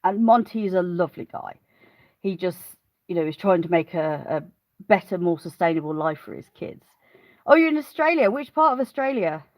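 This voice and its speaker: On a live stream from her smallholding, a woman talks casually next to her car, rambling, laughing frequently and welcoming viewers by name. Her fairly low voice is animated and fairly quick. The recording is dry and of poor quality.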